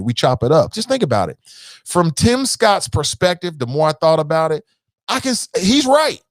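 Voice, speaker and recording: A man's voice: high-pitched, no room sound. A man hosting a news commentary show, giving blunt, profane opinions in a casual chat style and speaking straight to his viewers. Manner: blunt, profane, animated, talks to viewers as "fam".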